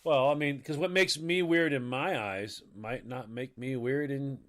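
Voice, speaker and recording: A man's voice: mid-range voice, a little slow, dry recording. A middle-aged man chatting casually on a podcast, telling stories and acting out the voices of the people in them. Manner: animated storyteller, acts out quoted voices.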